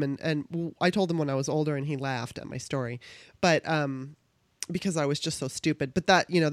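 A woman's voice: sits low, dry recording, clean studio sound. A woman from Southern California telling a personal story in casual chat. She acts out the voices of the people in it and laughs as she goes.

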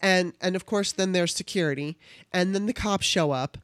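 A woman's voice: lowish voice, normal speed, dry recording, studio quality. A woman from Southern California telling a personal story in casual chat. She acts out the voices of the people in it and laughs as she goes.

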